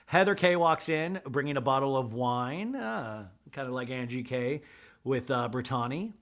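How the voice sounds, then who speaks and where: A man hosting a podcast, recapping a reality show with animated impressions of the cast. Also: medium pitch, normal speed. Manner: animated, switches into exaggerated voices for each person.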